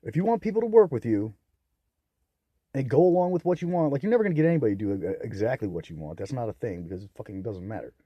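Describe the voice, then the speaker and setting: A young man ranting angrily on his own, profane and bitter, swinging into loud outbursts. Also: medium pitch, breathy edge, dry recording. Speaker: vlogger. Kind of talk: angry solo rant to camera.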